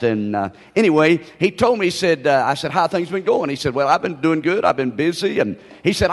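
Folksy preacher in a reverberant sanctuary. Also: male voice, a little high. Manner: folksy storytelling with drawn-out emphasis. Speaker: pastor. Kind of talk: sermon. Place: church sanctuary. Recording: long reverb of a large hall.

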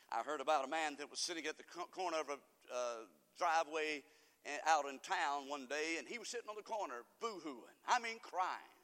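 A man preaching a folksy sermon to his congregation, rambling through stories and swinging from soft asides to loud emphasis. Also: a little high, animated, brisk. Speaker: pastor. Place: church sanctuary. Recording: reverberant church hall.

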